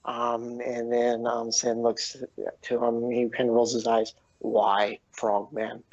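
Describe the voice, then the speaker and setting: Slow, halting male game master. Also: medium pitch, monotone, a little mellow, no room sound, dull audio. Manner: halting narration with many ums. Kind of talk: narrating a tabletop game.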